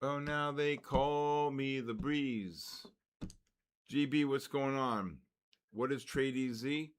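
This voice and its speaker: A man's voice: medium pitch, slow, clean tone. A man in his sixties hosting a live trading session, chatting with viewers by name and explaining his method in a loose, conversational way. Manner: chatty, talks to chat viewers by name, repeats "okay" and "so basically"; plainly exasperated by rude comments, rising and complaining. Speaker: trading livestream host.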